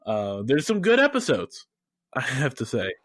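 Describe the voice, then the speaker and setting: A man's voice: mid-range voice, huge pitch swings, measured pace, a bit bright, no room sound. Chatty podcast guy who laughs a lot, voice swings up and down, dry close sound. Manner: laughs through his words, chatty and joking. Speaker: podcast co-host. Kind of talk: casual chat.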